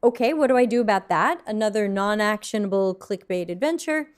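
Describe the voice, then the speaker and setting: A woman's voice: medium pitch, lively intonation, brisk, clear, resonant tone. A woman hosting a livestream from her desk, reacting to viewer submissions in a frank, mildly snarky way with plenty of ums and restarts. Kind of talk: casual livestream commentary.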